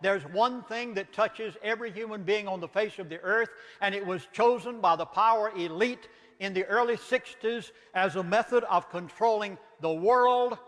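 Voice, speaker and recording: Emphatic Southern preacher lecturing. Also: male voice, high-pitched, moderate pace, a bit bright, long reverb tail. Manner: emphatic, preacherly, rhetorical questions. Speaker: minister giving a lecture. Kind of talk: impassioned lecture.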